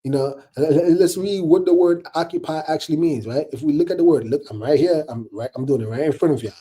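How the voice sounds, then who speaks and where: Casual male commentator, animated, husky and dark-toned, preaching to his viewers. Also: on the high side, fast. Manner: animated, addresses listeners as y'all, laughs often. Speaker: online commentator.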